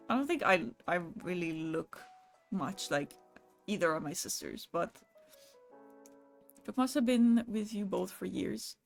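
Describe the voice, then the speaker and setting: A young adult woman streaming live, chatting casually with her viewers, swearing lightly and laughing as she goes. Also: mid-range voice. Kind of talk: casual livestream chat with viewers.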